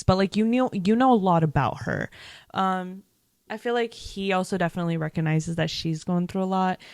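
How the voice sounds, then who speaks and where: A young woman talks straight to camera in a loose, chatty way, piling on "like" and swearing for emphasis. Her voice sits at an ordinary middle pitch. The sound is close and dry, with no room around it. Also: gravelly, a little mellow, no echo. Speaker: vlogger reviewing a TV series. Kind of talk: casual reaction chat.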